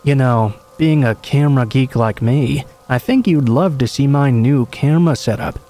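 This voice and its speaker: A man doing a smooth, calm-voiced creep. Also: medium pitch, normal speed, soft background music, close to an everyday voice. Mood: coaxing. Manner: very calm, soothing delivery.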